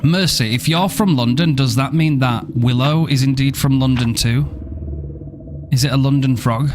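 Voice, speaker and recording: A man's voice: medium pitch, normal speed, music in the background. A man live-streaming a game, chatting casually and playfully, joking and thanking viewers by name, with casual swearing.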